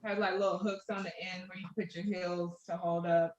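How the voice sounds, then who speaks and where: A woman in a casual podcast chat, telling a story in an animated way and acting out quotes. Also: lowish voice, a little fast, muffled recording, crowd noise.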